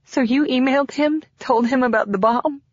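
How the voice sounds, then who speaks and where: Audiobook casting: man doing a shaken grieving woman, high and trembling, dry close read. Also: normal speed, no room sound, dull audio. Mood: distraught. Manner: trembling, pleading.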